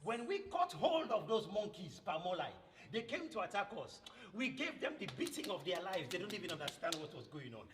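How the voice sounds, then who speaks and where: A man's voice: high voice, very animated, fairly quick, hardly any pauses. A man storyteller voicing a male monkey who boasts about a fight and then urgently warns his wife. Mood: boastful. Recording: echoey hall, faint noise.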